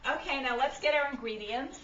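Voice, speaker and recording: In her home kitchen, a chatty middle-aged Brooklyn woman walks through a recipe fairly quickly, her fairly high voice punctuated by frequent "okay?" check-ins. The camcorder mic sits at a distance, so the sound is roomy, faraway and slightly muffled, with faint noise underneath.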